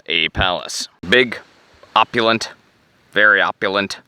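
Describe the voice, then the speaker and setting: A man narrating a comedic travel vlog with deadpan, crude jokes and offhand asides. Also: lowish voice, a little slow, smooth, dry recording. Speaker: travel vlogger.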